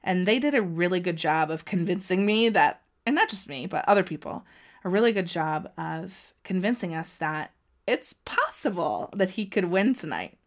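A woman with a lowish voice, speaking at normal speed, hosts a wrestling watch-along stream with casual live reactions. She talks right to her audience, chatty and excitable, often gasping or shouting at what happens in the ring.

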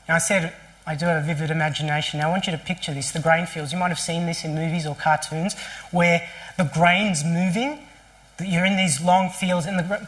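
A pastor preaching a sermon at a church service, telling the story vividly with rhetorical questions and quick restarts. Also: mid-range voice, a bit bright.

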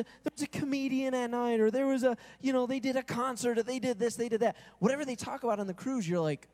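High-voiced male pastor in reverberant church. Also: fast, hardly any pauses, a little mellow. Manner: conversational, asks the congregation questions, acts out quoted voices. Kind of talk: sermon. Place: church sanctuary. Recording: long reverb in a church hall.

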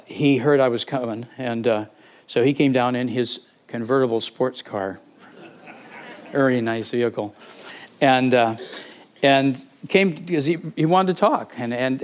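An older man preaches a sermon by telling a personal story in a conversational way, speaking at medium pitch and normal speed. He restarts often, repeats words, uses fillers, and animatedly acts out the people in his tale.

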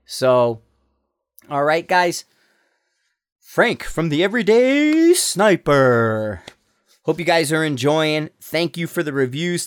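A man's voice: on the high side, clean tone. A man hosting his own podcast, talking bluntly in a heated, profane rant full of restarts, recorded while walking around a neighborhood. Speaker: podcast host. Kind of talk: casual ranting monologue.

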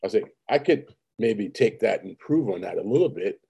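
A man's voice: lowish voice, big pitch swings, a little fast, gravelly, warm tone, slightly rough. A man telling rambling, profane stories in casual conversation as host. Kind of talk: casual chat.

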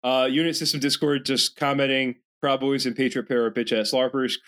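A man's voice: medium pitch, brisk. Profane, rambling podcast co-host man. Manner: profane, rambling, animated impressions. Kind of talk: casual chat.

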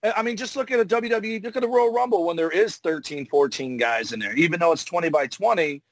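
A man, a former wrestler, telling profane, animated stories in casual podcast chat. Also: sits high, fast talker, no echo. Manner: profane, animated storyteller acting out moves. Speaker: retired pro wrestler, podcast host.

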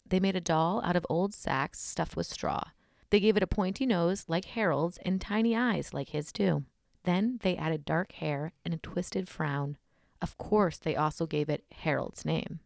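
A woman's voice: lowish voice, lively intonation, unhurried, gravelly, darkish tone, no room sound, clean studio sound. A woman podcast host reading a scary story aloud in a casual, blunt way. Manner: casual and blunt, swears in asides.

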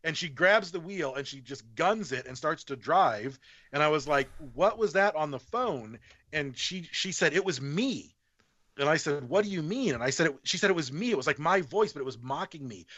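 This podcast guest's voice is a little high and moves at a moderate pace as he tells a story in casual chat. He's animated and profane, playing out other people's dialogue, on slightly muffled audio with no room sound.

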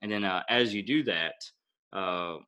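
Guy running a tabletop game, laid back, lotsa ums, lowish bright voice. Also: measured pace, clear, resonant tone. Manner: relaxed, explains rules with fillers. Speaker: game master.

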